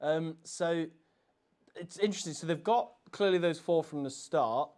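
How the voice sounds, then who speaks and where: A man's voice: fairly high pitch, moderate pace, darkish tone. A man co-hosting a live reaction stream, chatting casually and agreeably as he reads out questions from the chat. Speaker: co-host of a rugby channel.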